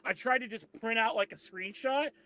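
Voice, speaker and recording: A man from Oregon co-hosting a podcast, telling stories in an exasperated, animated way. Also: very high voice, moderate pace, no room sound. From Oregon, United States. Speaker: podcast co-host. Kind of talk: casual chat.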